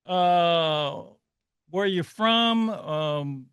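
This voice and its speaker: A man's voice: high-pitched, very slow, a bit bright, clear, resonant tone, no echo, muffled recording. A man hosting a radio talk show, playful and teasing, often stumbling over and repeating his words. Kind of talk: casual radio interview.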